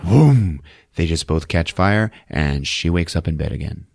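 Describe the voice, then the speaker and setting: A man hosting a podcast who recaps a movie in an animated, profane, casual way on a close mic. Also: rumbling low, normal speed, gravelly, no echo. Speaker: podcast host.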